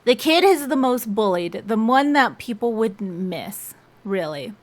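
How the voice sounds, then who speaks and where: A young woman with a slightly high voice recaps a story in an easy, rambling vlog manner. She chains one clause to the next with "and" and "like," as if talking to friends. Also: very animated, measured pace. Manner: chatty, strings clauses with "and" and "like". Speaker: book reviewer. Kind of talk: casual plot retelling.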